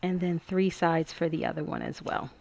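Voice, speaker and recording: A woman's voice: fairly low pitch, fairly even intonation, normal speed, gravelly, a little mellow. Chatty, gushing woman teaching crafts. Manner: chatty and gushing, thinks aloud. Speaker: craft tutorial host. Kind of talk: casual crafting tutorial.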